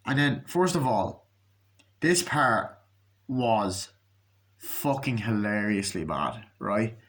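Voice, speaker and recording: A man's voice: fairly low pitch, lively intonation, slow pace, a bit bright. A man giving a casual, profane movie review, sarcastic and acting out scenes in mocking voices.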